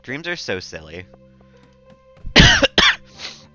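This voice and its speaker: A man streaming a game and chatting casually in a relaxed, rambling way, chuckling often. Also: fairly high pitch, very slow, lo-fi sound, faint music behind. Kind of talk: casual gameplay chat.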